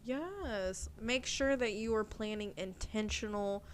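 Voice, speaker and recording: A woman co-hosting a podcast, chatting casually with many "like"s and then leading a slow guided visualization. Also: mid-range voice, crowd noise. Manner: chatty, says "like" often. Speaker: podcast co-host.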